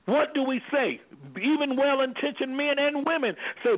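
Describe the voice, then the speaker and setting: A man's voice: very high voice, moderate pace. A man speaking as an anger management specialist on a radio talk show, talking emphatically in a preacher-like way. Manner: emphatic, preacher-like, repeats "guess what". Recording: phone-line radio sound.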